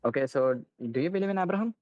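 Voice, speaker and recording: A man's voice: high-pitched, expressive, a little mellow, highs cut off. A man calling into a live-streamed debate. He speaks politely and in a hurry, keen to end the call. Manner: polite, hurried and eager to leave. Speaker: caller in a debate.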